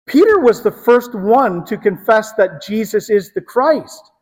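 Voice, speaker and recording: A man preaching a sermon, telling the story dramatically and with emphasis, sometimes dropping to a hush. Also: high voice, expressive, a little slow, long reverb tail, low-quality recording. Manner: dramatic storytelling, emphatic, drops to hushed tones.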